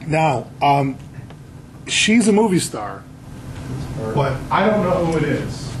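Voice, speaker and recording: A man's voice: on the high side, sing-song, slow pace, a little hiss or hum, rough recording. A man, an author, giving a casual slide lecture to an audience, telling anecdotes and quizzing the crowd. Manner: chatty storyteller, quizzing the audience.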